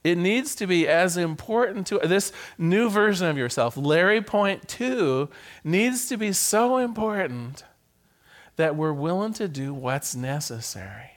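A man preaching a sermon to his congregation as their minister, playful and animated, sometimes stumbling over a word and starting the phrase again. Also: high-pitched, unhurried. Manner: animated, playful, with repeated stammered restarts.

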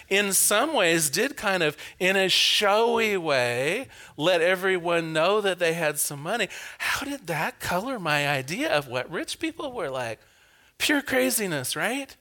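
A man reflects aloud on old beliefs, moving into lively personal stories and laughing at himself. His voice sits high and bright, rising and falling freely as he asks the listener questions. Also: a little slow. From Pacific Northwest, US. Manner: anecdotal, animated storytelling with laughs.

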